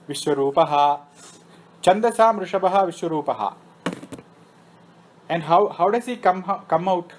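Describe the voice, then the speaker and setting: A man's voice: a little high, expressive, normal speed, long pauses, a little hiss or hum, rough recording. A man lecturing on Vedic philosophy who recites Sanskrit terms and then explains them, often asking himself a question and answering it. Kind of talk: scripture lecture. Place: temple meeting room.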